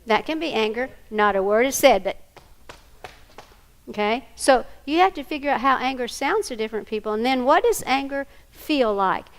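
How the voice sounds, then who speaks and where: A woman's voice: fairly high pitch, moderate pace, a little hiss or hum. An older woman, a grandmother, presenting a live training workshop and quizzing her audience. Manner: animated, asks the audience questions.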